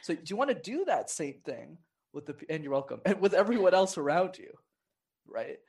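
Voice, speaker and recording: A man's voice: on the high side, fairly quick, creaky. A man guest on a podcast, giving casual advice on conversation and acting out voices of people he quotes. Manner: animated, acts out quoted voices. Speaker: podcast guest, communication coach.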